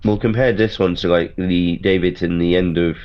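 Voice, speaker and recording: A man's voice: low-pitched, fairly even intonation, moderate pace, dull audio. A man co-hosting a casual podcast chat, mostly giving brief agreeing replies and short questions. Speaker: podcast co-host.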